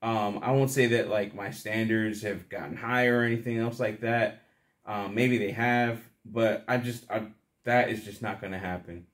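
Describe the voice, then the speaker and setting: A man's voice: on the low side, steady tone, normal speed. A young man rambling casually to the camera, crude and profane, often laughing at his own stories. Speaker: vlogger.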